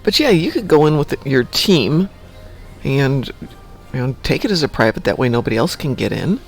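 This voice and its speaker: Gravelly, chatty male stream host. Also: mid-range voice, big pitch swings, moderate pace, faint music behind. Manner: rambling, chatty, self-joking. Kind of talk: casual morning stream chat. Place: home.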